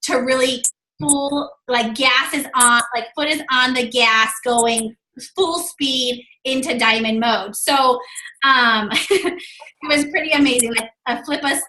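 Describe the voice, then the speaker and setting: A high-pitched woman with a bright, forceful voice hosts a team call and heaps on effusive praise. Her voice rings with a roomy echo. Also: slow pace. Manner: effusive, many fillers like "like" and "um". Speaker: host of a team video call. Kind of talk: gushing, upbeat team-call chat.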